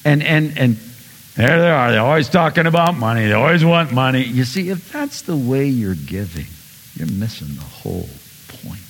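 Man, pastor, sermon, animated preaching, loud bursts and soft asides, mid-pitched voice, long hall reverb. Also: normal speed, a little hiss or hum.

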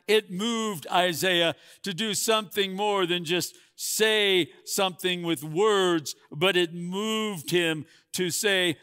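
A man preaching a sermon, swinging from hushed, quiet passages to loud, emphatic peaks. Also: high voice, clear, resonant tone, dry recording, clean studio sound.

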